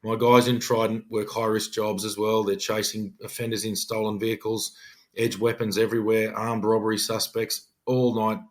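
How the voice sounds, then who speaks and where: A man's voice: lowish voice, level tone, moderate pace. A middle-aged Australian police detective sergeant telling an emphatic, earnest story on a podcast, often acting out his own words.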